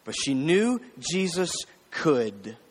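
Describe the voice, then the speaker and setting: A man's voice: fairly high pitch, very animated, slow pace, in a large hall. A man preaching a sermon, talking to the congregation in a conversational way. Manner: conversational preaching, addressing the crowd with "y'all". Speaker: pastor.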